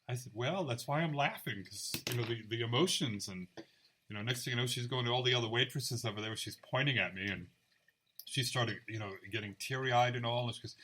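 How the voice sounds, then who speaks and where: A man with a bright, forward voice, talking casually as a psychic medium. He tells his stories with animation and acts out the quoted dialogue as he goes. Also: medium pitch, brisk. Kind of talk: casual chat, storytelling.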